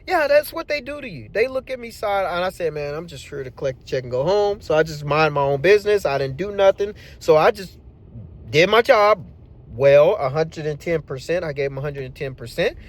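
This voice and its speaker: A man telling a personal work story in a casual, animated, slangy way, as a channel host. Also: a little high, fairly quick. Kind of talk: storytelling vlog.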